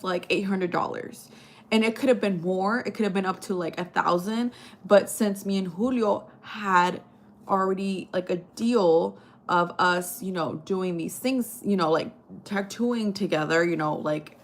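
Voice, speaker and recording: Woman vlogger, Chilean-born, raised in the US, casual ranting storyteller with a mid-pitched voice. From Chile, raised in the United States. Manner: rambling, profane, lots of fillers; gets loud and high when outraged.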